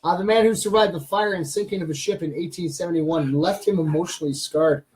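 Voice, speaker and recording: A man's voice: fairly high pitch, fast, a little mellow. Joking male host reading facts. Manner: jokey, reads with fillers and restarts. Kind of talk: live chat show reading trivia facts.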